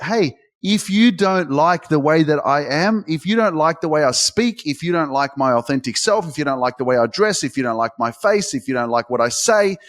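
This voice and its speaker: A man giving a motivational talk, swearing freely and climbing in pitch when he gets emphatic. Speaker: motivational speaker. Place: Dubai.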